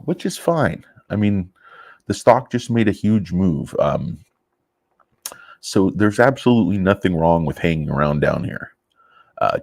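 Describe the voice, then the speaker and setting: A man's voice: sits low, vocal fry, a little mellow, dry recording. A man hosting a stock market vlog in a blunt, profane, sarcastic rant. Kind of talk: casual ranting vlog.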